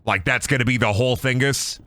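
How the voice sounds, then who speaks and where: In a mid-range voice, a man streaming a game keeps up casual banter, joking, cursing, and putting on silly sing-song voices. He moves at a brisk pace with a sharp tone, and there's no room sound in the recording.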